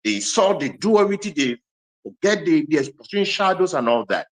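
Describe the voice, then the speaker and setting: Man, fairly high voice, excitable, panel discussion. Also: normal speed, low-quality recording. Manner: animated, excitable storyteller who laughs often. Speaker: panel speaker. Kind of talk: online discussion.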